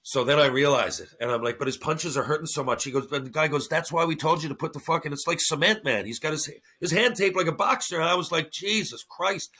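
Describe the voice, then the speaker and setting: Bright, animated ex-hockey storyteller man. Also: a little high, fast, few pauses, breathy edge. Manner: animated, swearing, acting out his own reactions. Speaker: podcast guest, former hockey enforcer. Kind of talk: casual storytelling.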